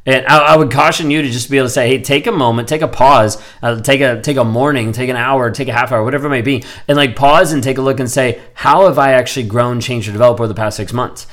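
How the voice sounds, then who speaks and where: A man's voice: medium pitch, steady tone, fast, hardly any pauses, fairly bright tone. A man in his thirties talking earnestly in a reflective personal vlog, rambling with frequent fillers. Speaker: vlogger.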